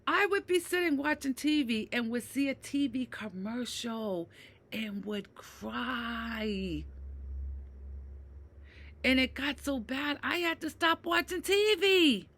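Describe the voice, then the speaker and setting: A woman in her fifties talks straight to her viewers in an unhurried way. Her voice is bright and a little high. She is emphatic, keeps checking in with "right?", and moves between low, quiet stretches and loud, heated ones. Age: 50s. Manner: emphatic, repeats "right?" often. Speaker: mental health vlogger. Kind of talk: personal talk to camera.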